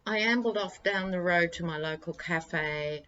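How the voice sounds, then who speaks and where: Woman, low voice, unhurried, wry, chatty vlog host, muffled recording. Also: pushed and bright, smooth. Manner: chatty, wry, addresses viewers directly. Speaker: tarot reader and vlog host. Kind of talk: casual monologue to viewers.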